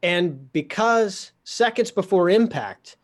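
A man telling a story in casual talk, lively, sardonic and poking fun at himself. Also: high voice, slow. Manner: lively, sardonic, self-mocking.

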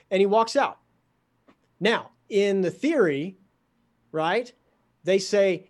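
A man telling a story in casual talk, lively, sardonic and poking fun at himself. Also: high voice, normal speed. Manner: lively, sardonic, self-mocking.

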